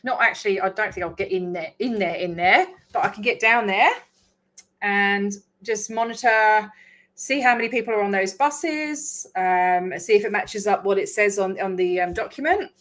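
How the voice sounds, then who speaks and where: A woman's voice: medium pitch, normal speed, a bit bright. A woman with an English accent carrying a slight Australian twang, chatting casually on a live stream, laughing often and swearing casually. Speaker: livestream host.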